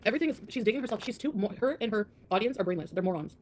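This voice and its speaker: Woman, livestream rant, defiant and mocking, rapid-fire delivery. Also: medium pitch, lively intonation, darkish tone, slight background noise.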